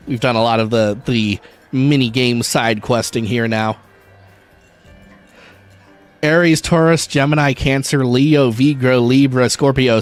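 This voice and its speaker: A man chatting casually and jokingly on a gaming livestream, swearing and talking to his viewers. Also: mid-range voice. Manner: chatty, jokey, swears and laughs easily. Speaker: streamer.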